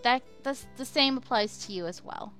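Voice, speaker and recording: A woman's voice: sits high, normal speed, pushed and bright, faint music behind. A woman streaming a story game, chatting giddily, laughing a lot and reading her own lines aloud. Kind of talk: live game commentary.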